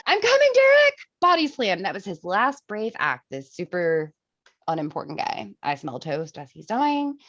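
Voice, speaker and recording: A woman co-hosting a casual movie review chat, animated and laughing, swearing freely. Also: fairly low pitch, a little slow, no echo, dull audio.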